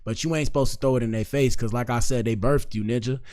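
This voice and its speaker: Brief: male host, mid-pitched, relaxed slangy commentary, shouts out chat. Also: fast. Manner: laid-back, slangy, addresses chat directly. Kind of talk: casual reaction commentary.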